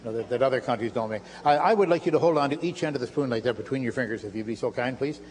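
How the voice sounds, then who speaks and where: Speaking at a racing pace, this older man has a medium-pitched, slightly mellow voice. He delivers a live lecture on a lecture hall stage, mixing in magic demonstrations and playful, self-deprecating showman patter for the audience. Laughter from the crowd and a faint hum come through the live hall recording.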